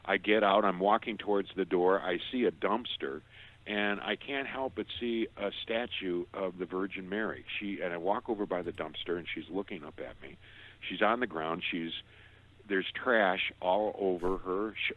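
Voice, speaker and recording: A man's voice: deep voice, moderate pace. A middle-aged man guest telling a personal testimony, earnest and often stumbling over repeated words. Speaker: radio show guest. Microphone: phone. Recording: tinny phone line.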